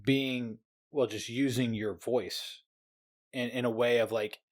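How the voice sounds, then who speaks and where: A man with a mid-range voice co-hosts a book podcast. He rambles through his thoughts in relaxed, casual talk. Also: mid-range voice, slow pace. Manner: rambling, with many fillers and restarts, laughs along. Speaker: podcast co-host. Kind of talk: casual chat.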